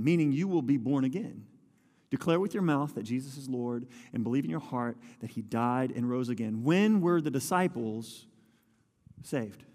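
A man's voice: medium pitch, dark tone. A man preaching a sermon, reading scripture aloud and putting questions to his listeners. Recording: long hall reverb with faint music.

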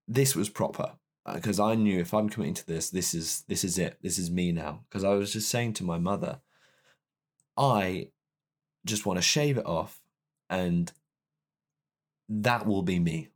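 A young man candidly telling a personal story in a rambling, self-deprecating way. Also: sits low.

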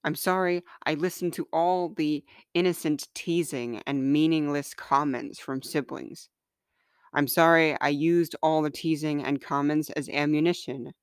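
A woman hosting a podcast and reading aloud from her own book in a gentle, measured, heartfelt way. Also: low-pitched, fairly even intonation, clean tone, no echo, clean studio sound. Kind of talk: slow, earnest reading of personal writing.

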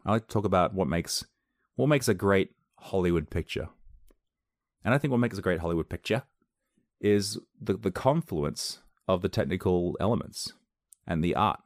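A man's voice: deep voice, normal speed, dry recording, studio quality. A man reviewing films on his own podcast, talking casually, enthusiastically and in a rambling way.

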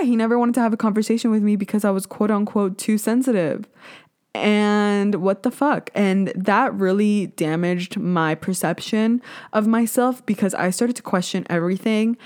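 A young woman talks straight to her listeners in a solo podcast, loose and candid, packing her talk with "like" and "um". She swears freely and jumps into sudden loud bursts of emphasis, then drops back to chatting. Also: medium pitch. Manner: talks to listeners directly, with many "like" and "um" fillers. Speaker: podcast host.

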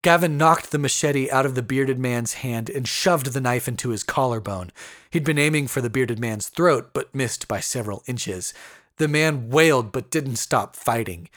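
A man's voice: mid-range voice, normal speed, fairly bright tone, dry recording, studio quality. A man narrating a scripted horror story with tense, building intensity.

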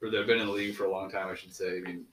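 Cleveland man, quick and bright, low voice, roomy sound. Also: flat delivery, a little hiss or hum. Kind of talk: casual chat with friends. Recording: echoey room.

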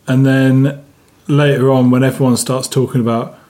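A man with a mid-range voice telling stories on a podcast. His delivery is wry and understated, in relaxed casual banter. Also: mid-range voice, normal speed. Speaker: podcast co-host.

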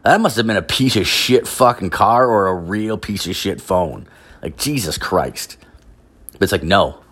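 A young man from Canada telling a profane, rambling story, full of "like" fillers and swearing, mimicking other people in a higher voice. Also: animated, measured pace, a bit bright, slightly rough. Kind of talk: profane casual storytelling rant.

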